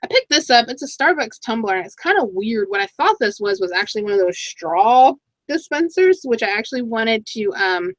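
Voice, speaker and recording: A middle-aged woman chatting casually in a thrift haul vlog, excitable and talking to herself as she goes through her finds. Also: on the high side, fairly quick, no room sound, rough recording. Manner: chatty, excitable, talks to herself while browsing items. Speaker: thrift reseller vlogger.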